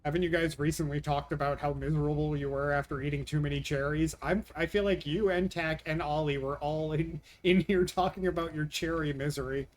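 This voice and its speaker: A man's voice: a little high, fairly even intonation, fairly quick, hardly any pauses. A young man streaming live, chatting with viewers and venting in an exasperated, profane way. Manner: exasperated, swearing, answering chat. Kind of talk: casual live-stream chat.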